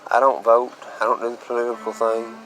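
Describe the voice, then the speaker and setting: A man's voice: mid-range voice, flat delivery, a little fast, fairly bright tone, a little hiss or hum, poor audio. A man from Western North Carolina, talking casually in a rambling, folksy vlog and chuckling often as he goes along rural roads. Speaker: vlogger.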